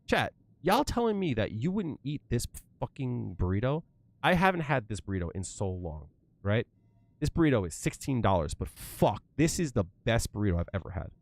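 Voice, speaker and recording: A man's voice: medium pitch, no room sound. A young man chatting casually to his livestream viewers, swearing freely and getting worked up into rants.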